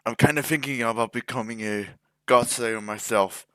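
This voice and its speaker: A man's voice: medium pitch, normal speed, pushed and bright, no room sound. A man hosting a reaction video, chatting casually with jokes and rambling asides. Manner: rambling, joking, trails into mock-emotional mumbling.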